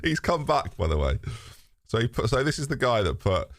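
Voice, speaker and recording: With a mid-range, sing-song voice and a fairly quick delivery, this British streamer chats candidly with his viewers. He rambles, swears freely and laughs often, and the studio-quality recording is dry.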